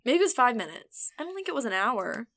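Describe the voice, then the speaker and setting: A woman's voice: fairly high pitch, big pitch swings, quick pace, vocal fry, sharp tone. A young woman from the American South with a faint Southern accent, telling stories in a casual chat and laughing often. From Kentucky and Louisiana, US South. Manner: chatty, laughs often, many "like" fillers. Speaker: podcast co-host.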